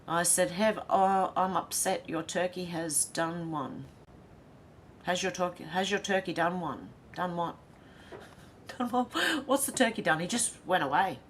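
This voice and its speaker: A woman with an Australian accent chats casually through a livestream, reading out viewer comments. Her voice sits on the low side and she laughs easily. A faint hum and rumble run under the recording. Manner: chatty, laughs easily, reads comments aloud. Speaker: livestream host reading chat. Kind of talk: casual chat.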